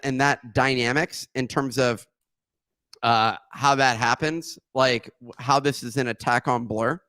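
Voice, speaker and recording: A man co-hosting a podcast in casual chat, joking and laughing often, with halting restarts. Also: mid-range voice, fairly bright tone, no echo. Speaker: podcast co-host.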